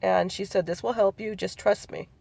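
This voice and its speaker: A middle-aged woman with a gravelly, creaky edge recounts a family memory in a halting, rambling way, full of ums and restarts. She slips into the voices of her relatives as she quotes them, and the sound is close and dry. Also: mid-range voice, steady tone, a little mellow, dry recording. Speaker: family storyteller. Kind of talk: personal recollection.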